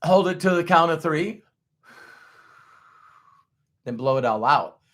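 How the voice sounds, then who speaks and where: A man giving a motivational talk to an audience, acting out everyday inner voices in an animated way. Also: fairly high pitch, slow pace. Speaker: motivational speaker.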